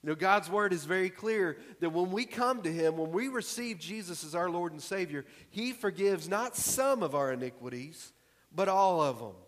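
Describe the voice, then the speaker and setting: Male pastor, high-ish voice, easy conversational sermon, long church reverb. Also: expressive, normal speed. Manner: conversational, emphatic preaching. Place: church hall.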